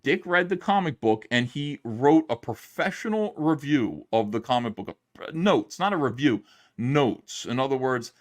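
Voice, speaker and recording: A middle-aged man, a comic book creator, telling a long story in a casual livestream monologue and acting out the quotes. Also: mid-range voice. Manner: rambling, animated retelling with acted-out quotes.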